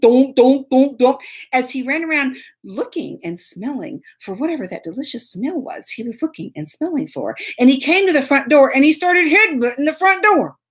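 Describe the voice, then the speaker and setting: A middle-aged woman telling a comic story, animated and dramatic, acting out the scenes. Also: sits high. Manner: animated, dramatic, acts out scenes with whispers and sound effects. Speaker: storyteller host.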